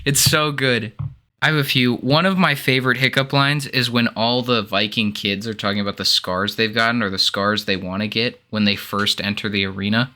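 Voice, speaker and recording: A man co-hosting a podcast in casual chat, animated, laughing often and swearing freely. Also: on the low side, moderate pace. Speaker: podcast co-host.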